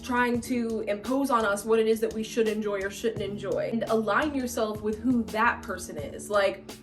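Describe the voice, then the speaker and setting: Woman in her late twenties, slightly high voice, blunt casual vlog advice, faint music underneath. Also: fairly even intonation, moderate pace. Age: late 20s. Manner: emphatic, blunt, repeats lines for effect. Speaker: vlogger.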